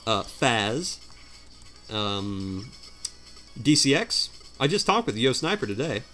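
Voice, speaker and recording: A man speaks slowly yet very animatedly, his medium-pitched voice pushed and bright, with faint music behind him. At home playing a game, this let's play commentator rambles in casual chat, self-deprecating and full of fillers.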